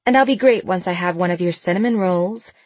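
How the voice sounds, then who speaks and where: A woman's voice: lowish voice, a little fast, a little mellow, no echo, close to an everyday voice. A woman voicing a young mother who is firm but affectionate, coaxing her daughter in an audiobook.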